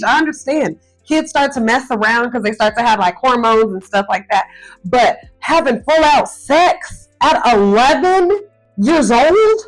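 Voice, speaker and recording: High-voiced woman, blunt reaction host. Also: animated, unhurried, faint music behind, poor audio. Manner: blunt, scolding, incredulous. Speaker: commentary host reacting to a clip. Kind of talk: casual reaction commentary.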